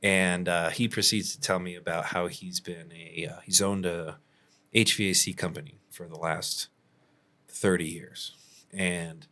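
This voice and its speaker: Male contractor, podcast host, very deep voice, relaxed storyteller who chuckles often. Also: a little slow. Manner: laid-back, chuckles often, many fillers.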